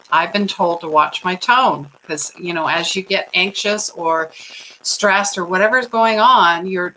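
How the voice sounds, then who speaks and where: Bright-voiced chatty woman host. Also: lowish voice, slight background noise, rough recording. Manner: chatty, animated, laughs often, says "right?" a lot. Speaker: host of a livestream on personal growth. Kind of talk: casual talk to viewers, reading comments.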